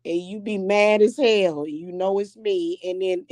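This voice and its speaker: Blunt profane woman, slow-talking. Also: mid-range voice, steady tone, warm tone. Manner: profane, laughing often, blunt. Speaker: witch and spiritual teacher. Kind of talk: casual vlog rant.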